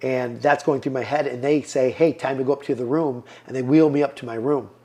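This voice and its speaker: A man's voice: medium pitch, steady tone, fairly quick, darkish tone. Earnest man in his fifties telling a story. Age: 50s. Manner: earnest storyteller, acts out quoted lines. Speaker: podcast guest. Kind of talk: personal testimony in an interview.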